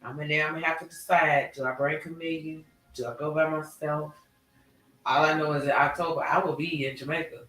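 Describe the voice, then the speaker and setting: An animated man holds forth in casual conversation, drawling and slangy as he tells his stories. His voice sits high and bright. The room around him rings with echo. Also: brisk, far from the mic. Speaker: podcast host. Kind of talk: casual chat. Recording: echoey room.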